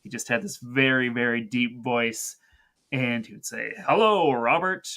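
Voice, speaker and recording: A man hosting an interview, telling a personal story in a relaxed conversational way. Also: mid-range voice, measured pace.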